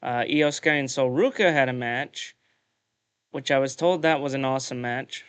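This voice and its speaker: A man's voice: mid-range voice, normal speed, smooth, no room sound. A man co-hosting a podcast, recapping wrestling in casual chat, blunt and profane, with lots of "uh" and "um". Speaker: podcast co-host.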